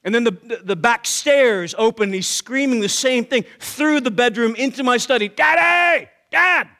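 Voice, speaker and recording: Guy preaching a sermon, pretty high voice, lots of rhetorical questions, stumbles and repeats words. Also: moderate pace, a bit bright. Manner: repeats words when he starts a thought. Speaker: pastor.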